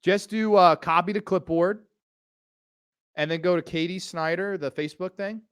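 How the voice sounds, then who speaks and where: A man hosting a casual podcast chat, gushing with excitement and swearing freely. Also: high voice, normal speed, clean tone, dry recording, studio quality. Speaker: podcast host.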